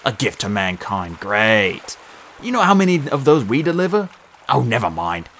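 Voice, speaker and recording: A man voicing a sly, smooth-talking male god in a put-on mixed British and Australian accent for an audiobook. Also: medium pitch, very animated, normal speed, fairly bright tone, slight background noise. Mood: breezy. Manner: breezy, teasing. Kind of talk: audiobook reading.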